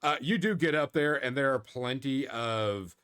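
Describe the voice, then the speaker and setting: A man's voice: medium pitch, normal speed, a bit bright, clear, resonant tone. Easygoing male game master, chatty. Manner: casual, loose, lots of fillers, chuckles often. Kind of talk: narrating a tabletop game.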